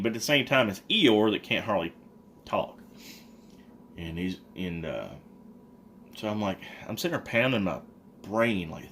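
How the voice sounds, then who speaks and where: A man with a somewhat low voice tells a personal story in a relaxed, casual way. He gets animated and acts out what other people said. A faint hum of room noise sits behind him. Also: normal speed, long pauses. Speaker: vlogger.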